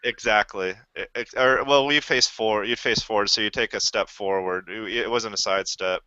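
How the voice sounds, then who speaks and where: A man's voice: fairly low pitch, steady tone, normal speed, crowd noise. A man and Army veteran chatting casually, rambling with many restarts and swearing freely. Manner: rambling, restarts often, profane. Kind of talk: casual chat. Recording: dull lo-fi recording.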